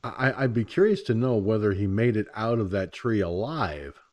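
A man hosting a casual radio talk show, blunt and profane, rambling and slipping into quick impressions. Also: fairly low pitch, lively intonation. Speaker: host.

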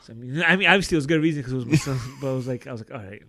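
A man talks loosely as a podcast guest. He swears freely and laughs as he tells stories. His voice sits at an ordinary middle pitch for a man. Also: racing, a bit bright. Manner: casual, swears a lot, laughs while telling stories. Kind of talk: casual chat.

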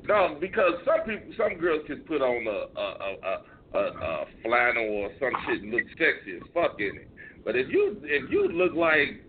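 A man co-hosting a radio show, talking in casual comedic banter. He is animated and profane and often stammers and restarts. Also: medium pitch, moderate pace. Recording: lo-fi phone-like sound with faint noise.

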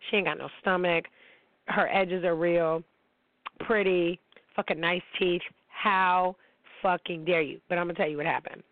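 A woman's voice: on the low side, fairly even intonation, moderate pace, a little hiss or hum. A woman in her forties hosting a talk show, delivering a brash, profane, heated rant about celebrity gossip. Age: 40s. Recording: tinny phone-like line, dry.

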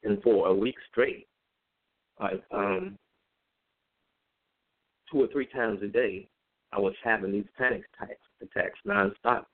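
A man telling his personal story in a halting, conversational way, with many fillers and repeated words. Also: on the low side. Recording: phone-like narrow band.

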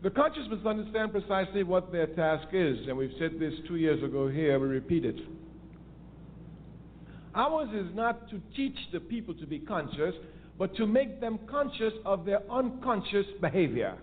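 A man's voice: high voice, big pitch swings, normal speed. A man giving an emphatic political lecture, repeating key phrases for stress. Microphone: phone line. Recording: tinny phone-line audio with faint noise.

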